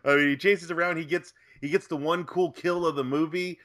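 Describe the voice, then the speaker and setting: A man's voice: a little high, fairly even intonation, brisk, a crowd in the background. A man co-hosting a casual movie podcast, rambling with many "I mean"s. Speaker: podcast co-host. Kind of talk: casual movie review chat.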